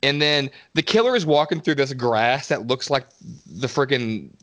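A man's voice: mid-range voice, expressive, normal speed, fairly bright tone, dry recording. A man co-hosting a podcast, recapping a slasher movie in a rambling, sarcastic way, swearing and laughing often. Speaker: podcast co-host. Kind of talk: casual movie recap chat.

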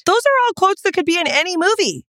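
A woman co-hosting a chatty podcast, with a bright, forward tone. Her pitch swings widely as she teases and jokes. The sound is close and dry, with no room around her. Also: sing-song, quick pace, no echo. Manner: playful, wry, self-mocking. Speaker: podcast co-host. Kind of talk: casual chat.

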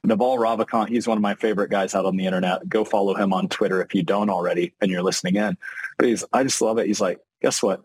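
A man hosting a podcast interview, a financial advisor talking animatedly and acting out quick examples. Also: lowish voice, husky, dry recording, poor audio. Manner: animated, talks in quick bursts with acted-out examples.

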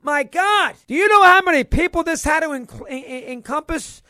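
A male sports radio host giving an emphatic, excitable opinion monologue and hammering his points through repetition. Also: very high-pitched, moderate pace, no room sound.

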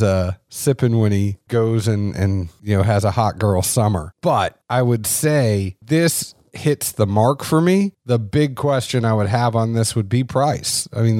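A man casually chatting on a podcast while reviewing a spirit, animated and quick to laugh. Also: mid-range voice, no echo, studio quality. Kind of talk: casual tasting chat.

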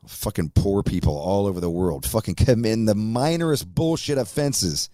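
A male podcast host with a low voice who rants angrily and swears constantly. The sound is dry and close on a studio mic. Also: lively intonation, normal speed, hardly any pauses, warm tone, no room sound. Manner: profane, angry ranting. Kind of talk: ranting podcast talk.

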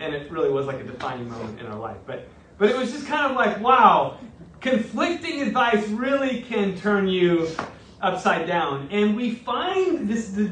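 A middle-aged male pastor tells a story from the pulpit with animated, self-deprecating humor. His voice sits high and leaps all over the place. He sounds set back from the mic in a reverberant room. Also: slight background noise. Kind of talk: storytelling sermon. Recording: roomy, from a distance.

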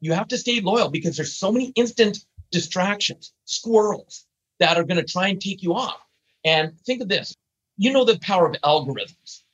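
An older man, a guest trainer, telling stories in an emphatic, blunt, energetic way during an interview. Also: sits high, normal speed, highs cut off. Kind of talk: animated storytelling interview.

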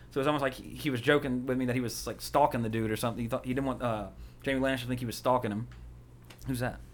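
Fast-talking rambling male podcast host. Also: mid-range voice, a bit bright. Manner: rambling storyteller, laughs often. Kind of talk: casual chat.

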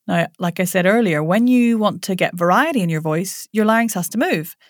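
A woman, a voice coach demonstrating vocal warm-ups in a playful, laughing coaching tone. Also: medium pitch, lively intonation, fairly quick, no echo. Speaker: voice coach guest.

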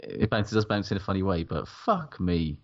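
A man's voice: low-pitched, sing-song, moderate pace. A man co-hosting a podcast, chatting casually with dry humour and frequent swearing. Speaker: podcast co-host. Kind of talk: casual sports chat. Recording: dull lo-fi sound.

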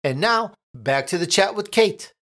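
Man hosting a radio show, fairly high voice. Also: lively intonation, a little slow, a bit bright. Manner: smooth scripted announcing. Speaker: show host.

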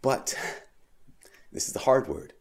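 A man preaching a homily at Mass in a conversational way, with frequent "like" and restarts, rising for emphasis and dropping soft on key lines. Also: slow.

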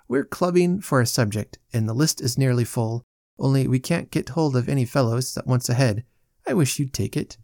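A man's voice: medium pitch, normal speed, darkish tone, no room sound, clean studio sound, close to an everyday voice. A man reading aloud who voices a blunt, careless young medical student.

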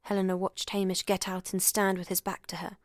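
A woman reading a literary novel aloud as an audiobook, in a measured, clear storytelling manner. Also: mid-range voice, flat delivery, dry recording, studio quality. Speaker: reader.

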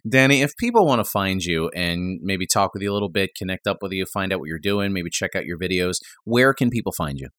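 A man's voice: sits low, lively intonation, fairly quick, hardly any pauses, fairly bright tone, no room sound, studio quality. A man hosting a Christian talk show, chatty and enthusiastic with his guest. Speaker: podcast host.

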